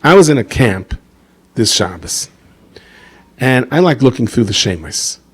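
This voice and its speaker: Man, rabbi, storytelling sermon, acts out voices, average pitch. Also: big pitch swings, a little slow, slightly rough. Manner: storytelling, acts out quoted voices, asides to listeners. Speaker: rabbi giving a talk. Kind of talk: sermon with anecdotes.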